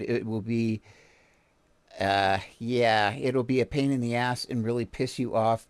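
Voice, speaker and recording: A man's voice: mid-range voice, smooth, no echo. Guy reacting to vids, blunt, swears a bit, chuckles, dry close mic. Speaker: host reacting to videos. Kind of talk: casual reaction commentary.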